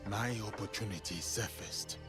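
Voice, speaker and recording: An actor playing a solemn foreign warrior who narrates his past in a slow, measured way. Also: on the low side, steady tone, lightly acted. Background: game music.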